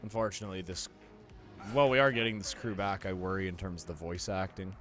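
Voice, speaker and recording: A man giving relaxed, self-deprecating play-by-play commentary while playing a video game. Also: low voice, fast talker, soft background music. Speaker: gaming commentator. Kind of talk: casual gameplay commentary.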